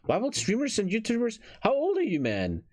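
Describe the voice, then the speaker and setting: A man reacting to a video as a streamer, ranting bluntly and swearing, with phlegm in his chest that makes him clear his throat. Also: sits high, huge pitch swings, brisk, a little mellow. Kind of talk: casual reaction commentary.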